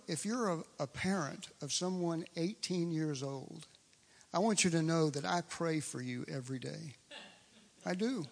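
Man, preacher, sermon, emphatic, repeats himself, slightly high voice, long hall reverb. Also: vocal fry. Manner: emphatic, repeats phrases for stress.

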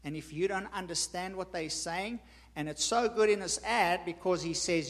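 A man's voice: high-pitched, normal speed, fairly bright tone. A man preaching a sermon in a church hall, with an emphatic style that repeats points for effect. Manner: emphatic, repetitive teaching cadence. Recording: reverberant hall.

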